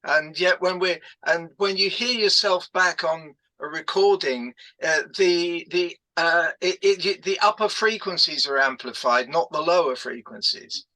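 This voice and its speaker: A man with a high, bright voice joins a video-call talk. He explains things haltingly and keeps restarting his sentences. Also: low-quality recording. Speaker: participant in a group talk.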